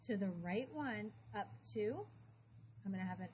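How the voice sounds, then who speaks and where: A woman teaching math to a high school class, talking briskly and calling students back to attention. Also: expressive, a little mellow. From Florida. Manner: brisk, shushing, calls for attention. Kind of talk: classroom lesson. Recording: dull classroom recording with noise.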